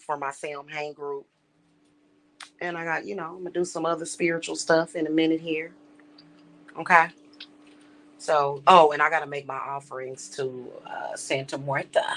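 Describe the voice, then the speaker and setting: A woman, ranting to camera in a casual vlog, blunt and animated, with profane slang. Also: sits low. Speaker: vlogger.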